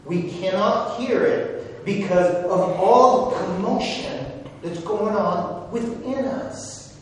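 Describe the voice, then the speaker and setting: A man preaching a sermon, speaking deliberately and dropping to a hush when he reads whispered words. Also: high voice, a little hiss or hum. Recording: echoey hall, voice from far off.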